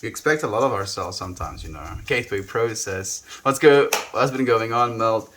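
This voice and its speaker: A young South African man chatting softly and reflectively with viewers on a live stream, often trailing off with "you know". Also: lowish voice, expressive, normal speed, a little hiss or hum. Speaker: livestreamer. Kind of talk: casual live-stream chat.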